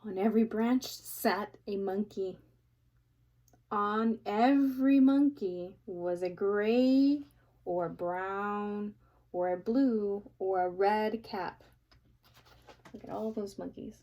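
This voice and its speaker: A woman reading a picture book aloud, pausing to ask the listener questions. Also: medium pitch, highs cut off. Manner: asks the listener questions, playful. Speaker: reader.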